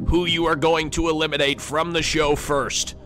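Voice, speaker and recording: A man's voice: on the high side, flat delivery, normal speed, a bit bright, soft background music. A man hosting a dating game show stream, announcing who is safe and who goes to the bottom three, joking and laughing as he goes. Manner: jokey and teasing, laughing between lines. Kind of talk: announcing eliminations in a playful game-show manner.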